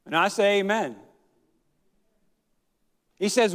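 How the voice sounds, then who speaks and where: A male pastor preaching a sermon, telling a story with fillers, drawn-out words and shouted emphasis. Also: high voice, animated, in a large hall.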